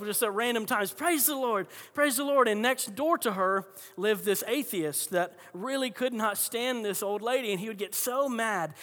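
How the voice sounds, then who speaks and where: A man's voice: sits high, a bit bright, in a large hall. A man pastor preaching a sermon in a conversational, storytelling way, often restarting his sentences.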